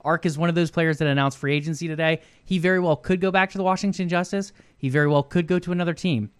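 A man co-hosting an esports news show, explaining things in a measured way and asking rhetorical questions. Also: fairly high pitch, fairly even intonation, clear, resonant tone, no echo. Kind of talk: casual esports news discussion.

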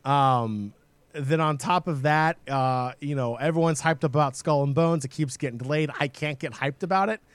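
Young male co-host, mid-pitched, dry close sound, jokey and quick to laugh. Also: smooth, dry recording. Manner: jokey, laughs often, animated. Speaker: podcast co-host. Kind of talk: casual gaming chat.

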